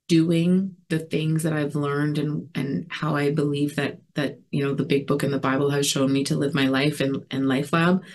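A woman giving a personal recovery share, earnest and reflective, talking in a halting way with many fillers and restarts. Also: low-pitched. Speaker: recovery community speaker.

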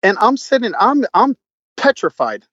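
A man guest on a podcast, telling a story in a casual, profane, animated way with lots of fillers and restarts. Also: very high voice, moderate pace, dry recording, lo-fi sound.

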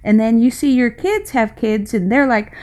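A woman's voice: a little high, lively intonation, moderate pace, a little mellow. A middle-aged woman talks through her own podcast in a loose, rambling, folksy monologue. She speaks with passion and laughs now and then. She is slightly short of breath. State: a little out of breath. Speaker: podcast host. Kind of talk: casual personal podcast monologue.

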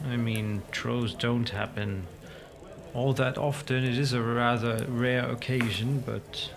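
Stern man playing a ranger. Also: mid-range voice. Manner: formal, stern in-character speech. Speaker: player. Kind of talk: in-character tabletop play.

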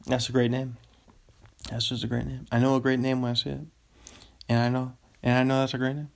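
A man hosting a solo podcast late at night, rambling loosely and getting loopy, with sudden excited bursts and laughter. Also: medium pitch, a little fast, creaky. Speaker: podcast host.

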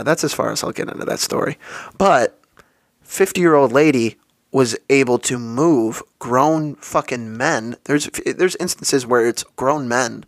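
A man's voice: medium pitch, fairly bright tone, dry recording, clean studio sound. A young man hosting a solo podcast, telling a story in a loose, profane, filler-heavy way. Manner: casual and profane, with many fillers and quoted asides. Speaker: podcast host.

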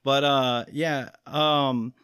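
A man's voice: medium pitch, steady tone, very slow, pushed and bright, clean tone, dry recording, studio quality. A man chatting casually as a guest, rambling with lots of fillers and laughing easily. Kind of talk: casual chat.

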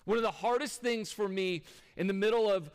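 A man's voice: sits high, brisk, clean tone. A man preaching a sermon from the front of a church, talking in a conversational way and firing rhetorical questions at the congregation. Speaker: pastor. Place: church sanctuary. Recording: long hall reverb.

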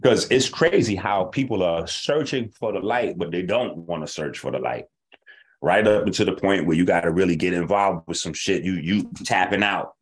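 A man hosts his own online talk show with a low voice that leaps up and down as he goes. He rants in a loose, profane way and keeps slipping into the voices of the people he is arguing with. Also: normal speed. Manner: animated, profane, acts out the people he argues with. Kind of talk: casual livestream monologue.

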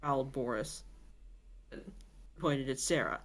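A woman's voice: a bass voice, a little slow, long pauses. A woman podcast host reading a novel aloud, with chatty asides and filler words. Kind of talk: casual storybook reading.

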